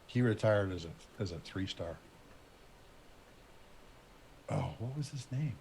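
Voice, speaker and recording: A man in middle age tells a war story at an easy, conversational pace. His voice sits a little low. He wanders through the details and stops now and then to search for names. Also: expressive, creaky, warm tone, a little hiss or hum. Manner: rambling, conversational, pauses to recall names. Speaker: retired Air Force officer telling a war story. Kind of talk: casual storytelling.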